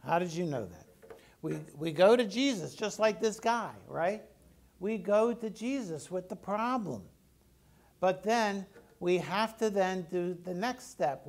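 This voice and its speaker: A male pastor giving a conversational sermon, often putting questions to the congregation. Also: high-pitched.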